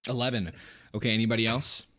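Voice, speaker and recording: A man running a tabletop game as game master, describing scenes in a relaxed, loose way with many pauses. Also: on the low side, noisy background.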